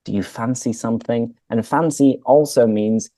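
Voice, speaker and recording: A British man hosting a casual chat and explaining phrases for English learners in a relaxed way. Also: medium pitch, moderate pace, dry recording. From Britain. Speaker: host and English teacher. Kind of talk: casual conversation, explaining words.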